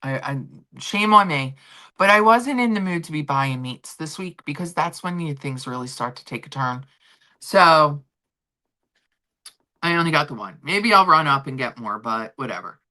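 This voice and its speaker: A woman's voice: deep voice, animated, normal speed, sharp tone. A woman livestream host, telling a story in a chatty, casual way and swearing now and then. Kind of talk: casual chat with viewers.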